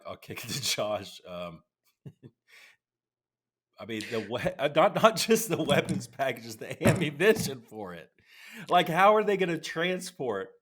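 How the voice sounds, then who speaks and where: A man's voice: mid-range voice, fairly bright tone. A man co-hosting a casual podcast, talking loosely and laughing between his points. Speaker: podcast co-host.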